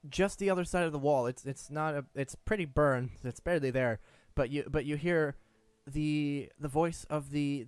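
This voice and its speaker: A man narrating a tabletop game as game master, piecing his descriptions together in rambling, halting bursts full of restarts. His voice is smooth and clear, pitched a little high. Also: no echo.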